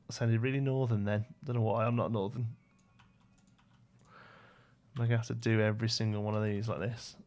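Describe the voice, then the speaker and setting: A man's voice: fairly low pitch, fairly even intonation, brisk, pauses often, a little mellow. A young British man livestreaming a building game, rambling to himself and answering chat questions in a casual way. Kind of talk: casual live-stream chat while building.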